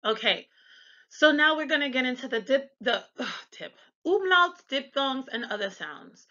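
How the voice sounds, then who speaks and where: A woman with an American accent gives a pronunciation lesson in a bright, fairly high voice. She explains each sound step by step and sometimes stops to correct herself. The audio is a little dull and lo-fi. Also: expressive, normal speed. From United States. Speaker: language tutor.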